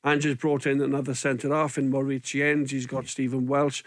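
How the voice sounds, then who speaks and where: A man offers football opinions on a radio sports show. He talks in an easy, laid-back way with frequent ums. His mid-pitched voice is recorded dry and close in the studio. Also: level tone, normal speed, dry recording. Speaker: football pundit. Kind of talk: casual radio sports chat.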